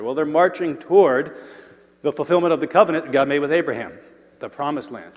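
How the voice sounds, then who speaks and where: A man preaching a sermon in an animated way, shifting his volume and adding playful asides to the congregation. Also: medium pitch, in a large hall.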